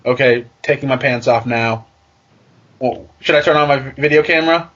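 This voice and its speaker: A man reading fan fiction aloud for comedy, with joking, deadpan asides. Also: mid-range voice, moderate pace, dull audio.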